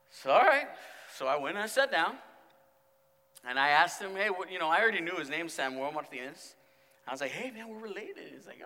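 Animated man preaching in a hall. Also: fairly high pitch, brisk, gravelly. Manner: swings from mumbled quotes to loud exclamations. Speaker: student pastor. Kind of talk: sermon with acted-out stories. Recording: long hall reverb.

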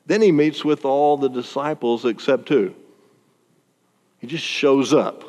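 A man preaching a sermon, telling the story in an animated way and chuckling often. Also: mid-range voice, takes it slowly, long pauses. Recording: long reverb in a large hall.

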